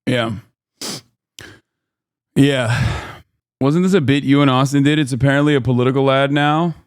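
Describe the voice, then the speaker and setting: Brief: male streamer host, sarcastic banter, smooth slightly high voice, dry close mic. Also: moderate pace, dry recording. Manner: joking, sarcastic, talks back to chat. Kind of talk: casual reaction commentary.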